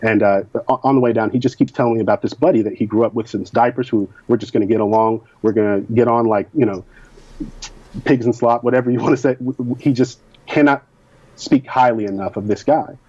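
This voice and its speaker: A man's voice: mid-range voice, fairly even intonation, brisk, warm tone, no echo. A man from Kentucky who frankly recounts his personal experiences as an interview guest, recorded in a dull lo-fi sound. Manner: candid and frank.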